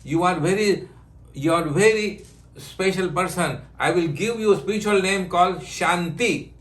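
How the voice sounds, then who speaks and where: An older man, a spiritual teacher leading an online satsang in broken English, joking gently and giving blessings. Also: high voice, normal speed. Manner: warm joking, broken English, chants and sings. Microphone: video call. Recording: echoey room over video call.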